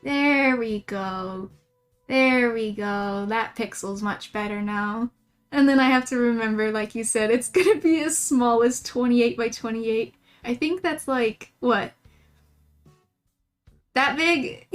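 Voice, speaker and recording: A young woman chats on a live stream while she draws, rambling and giggling at her own jokes. Her voice sits a little high and she talks at a slow, unhurried pace. Soft music plays behind her. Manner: rambling, giggly, self-mocking. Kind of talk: casual livestream chat while drawing.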